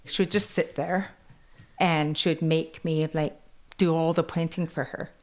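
A woman with a Kwakwala-influenced English accent, telling stories in a chatty, animated way during an interview. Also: low-pitched, unhurried. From British Columbia, Canada. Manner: chatty, animated, quotes others in put-on voices. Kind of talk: casual storytelling chat.

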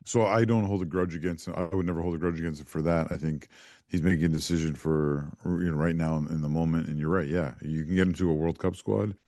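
A man co-hosting a sports podcast, chatting in an easygoing, halting way and often restarting his sentences. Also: a bass voice, steady tone, mellow, dry recording, clean studio sound. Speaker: podcast co-host. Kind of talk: casual sports chat.

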